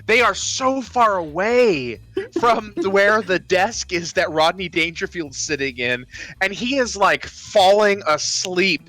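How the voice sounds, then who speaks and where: A man's voice: high voice, lively intonation, slow, sharp tone. A man co-hosting a podcast, retelling film scenes in casual chat and often laughing. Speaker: podcast co-host.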